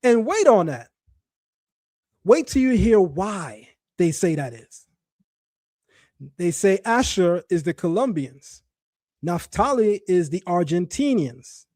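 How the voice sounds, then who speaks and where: A middle-aged man, the son of West Indian parents, hosting a commentary talk to a live chat in an animated, mocking, emphatic way, often restarting his phrases. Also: high-pitched, slow, long pauses, dry recording, clean studio sound. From child of West Indian parents. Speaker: host.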